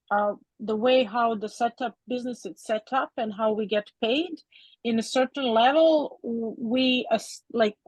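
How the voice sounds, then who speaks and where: Woman on a video call, slow halting answers, dry close sound, slightly high voice. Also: no room sound, rough recording. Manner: hesitant and halting. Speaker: team member answering on a call.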